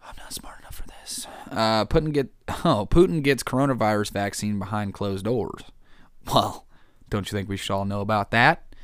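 Low-voiced man rambling over the news. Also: clear, resonant tone, no room sound, clean studio sound. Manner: rambling, joking, says "man" and "dude". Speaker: vlogger reacting to news. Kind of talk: casual reaction commentary.

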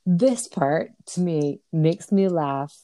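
A woman's voice: sits low, slow, dark tone, no echo. A woman chatting casually and enthusiastically about a favorite film. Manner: enthusiastic, giggly. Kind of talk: casual movie discussion.

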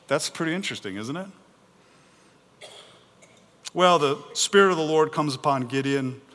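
Animated preacher in a reverberant hall. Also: male voice, on the high side, moderate pace. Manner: animated preaching, acts out biblical voices, swings loud and soft. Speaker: pastor. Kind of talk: sermon.

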